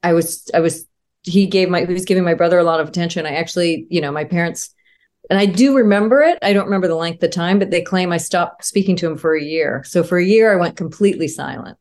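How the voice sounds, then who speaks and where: A woman from the United States, a guest author, telling personal stories candidly in a halting way with many restarts. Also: on the low side, darkish tone. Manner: halting, restarts often, acts out quoted voices.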